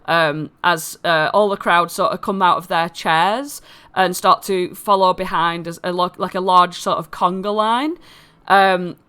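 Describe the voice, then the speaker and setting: A woman with a low-side voice that's bright, forceful, clear, and resonant narrates as game master in a tabletop game. Her scene descriptions are loose and rambling, heavy with fillers.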